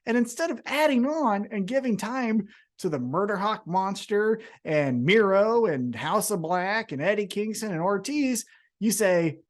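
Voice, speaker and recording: A man's voice: high-pitched, very animated, measured pace. A man co-hosting a wrestling podcast, ranting with heavy swearing and mocking put-on voices. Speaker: podcast co-host. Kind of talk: profane ranting wrestling chat.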